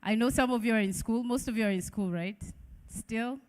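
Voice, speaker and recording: A woman's voice: on the high side, brisk. Chatty middle-aged Ugandan woman presenting. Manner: warm, chatty, asks the audience questions. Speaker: keynote speaker. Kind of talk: launch presentation speech. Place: event hall with an audience.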